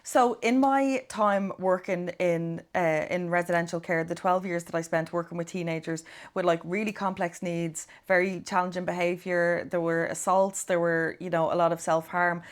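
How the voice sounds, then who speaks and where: A woman's voice: fairly low pitch, steady tone, normal speed, hardly any pauses. A woman, hosting a podcast and chatting casually, self-mocking and full of fillers. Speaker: podcast host. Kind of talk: casual conversation.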